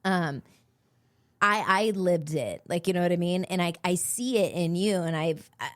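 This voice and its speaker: Woman, podcast guest, measured and reflective, lowish voice, dry sound. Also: no echo. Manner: thoughtful, faith-focused, measured. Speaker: podcast guest, host's wife.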